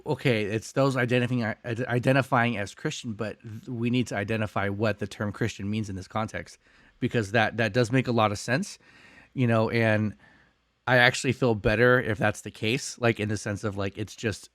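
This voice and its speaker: A man's voice: lowish voice, steady tone, moderate pace, a bit bright, no room sound. A young adult man co-hosting a podcast, joking and thinking aloud in casual faith discussion. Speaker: podcast co-host.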